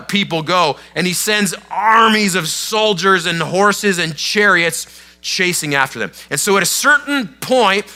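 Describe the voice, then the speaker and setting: A man preaching to his congregation in a conversational, animated storytelling way, with casual asides. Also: high voice. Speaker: pastor. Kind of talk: sermon.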